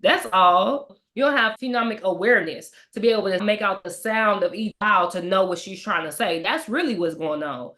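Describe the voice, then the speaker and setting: A woman's voice: medium pitch, fairly bright tone. A woman with a Southern US accent, co-hosting a casual book discussion, ranting bluntly and teasingly and stretching out words for emphasis. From Southern United States. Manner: blunt, teasing rant that slows to drawn-out emphasis. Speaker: guest co-host.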